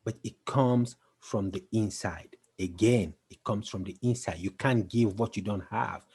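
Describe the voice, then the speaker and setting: A man's voice: on the low side, moderate pace, darkish tone, husky. A man giving an emphatic, repetitive motivational talk, building to intense passages. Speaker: motivational speaker.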